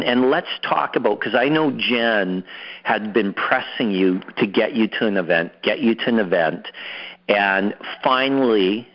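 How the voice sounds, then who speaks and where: A man's voice: lowish voice, dull audio. A man hosting an interview, upbeat, often repeating words as he starts a sentence. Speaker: host. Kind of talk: interviewing a guest.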